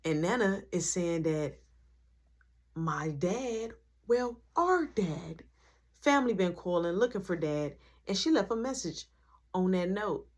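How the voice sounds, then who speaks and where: A man's voice: high-pitched, expressive, slow pace, heavily acted. A man doing a sulky tattletale brother. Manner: pouty and resentful.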